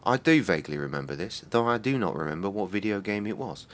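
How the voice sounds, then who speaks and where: A man putting on a slow, formal impression of an older male London film actor. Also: on the low side, animated, voice pushed down, close to an everyday voice. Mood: deadpan.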